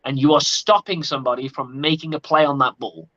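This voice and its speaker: A man's voice: on the high side, fairly even intonation, fairly quick, bright, forceful tone. Blunt, swearing man on a podcast. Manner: blunt, opinionated, swears freely. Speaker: podcast co-host. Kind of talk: casual sports podcast chat. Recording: lo-fi audio.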